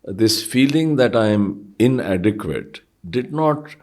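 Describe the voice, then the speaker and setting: A man, speaking as an interview guest in a thoughtful, hesitant way with many pauses and fillers. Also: medium pitch, lively intonation. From India. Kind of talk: reflective interview conversation.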